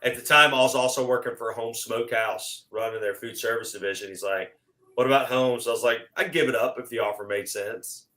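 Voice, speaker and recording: A man's voice: mid-range voice, a little fast, poor audio. A middle-aged man, a guest on a casual chat show, telling a long story and acting out what people said. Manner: animated, acts out quoted exchanges.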